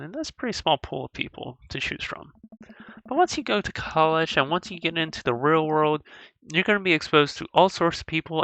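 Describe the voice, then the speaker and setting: This is a goofy, caring dad from a video game, earnest and fumbling his way through fatherly advice with gentle jokes, as a woman reads him. The sound is bright and dry, close to the mic. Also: deep voice, no echo, heavily acted. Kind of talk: video game dialogue read aloud.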